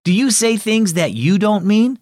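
A man's voice: high voice, expressive, normal speed, dry recording, studio quality. A man hosting a children's devotional program, upbeat and speaking directly to young listeners. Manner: bright, upbeat, talks directly to kids. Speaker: host.

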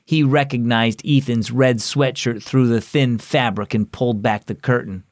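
A man hosting and narrating a scripted children's devotional story, reading clearly and expressively. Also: medium pitch, steady tone, moderate pace, hardly any pauses, no room sound, clean studio sound.

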